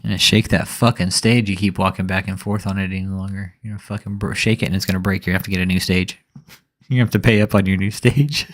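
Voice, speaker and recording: A man's voice: low voice, steady tone, fast. A man giving live reaction commentary, mocking and profane, often breaking into laughter.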